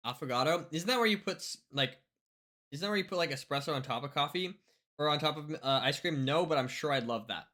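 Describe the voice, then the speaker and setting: Female streamer, casual chat with viewers, bright sharp voice, animated and up-and-down. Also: low voice, a little fast. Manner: animated, reads chat aloud, big swings between hyped and mumbly. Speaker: livestreamer.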